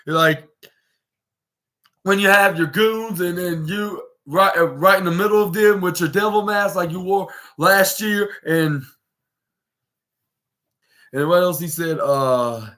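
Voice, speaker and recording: A high-pitched man hosts a podcast, speaking slowly with long pauses. His casual wrestling recap rambles with many restarts and fillers, and he animatedly acts out the wrestlers' quoted lines.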